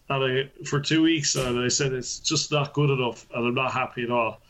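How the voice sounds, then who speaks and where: A man's voice: medium pitch, steady tone, moderate pace, few pauses, fairly bright tone, a little hiss or hum. A man, a network engineer, tells a workplace story in loose casual chat. His voice sits mid-range, and he swears freely and laughs through it.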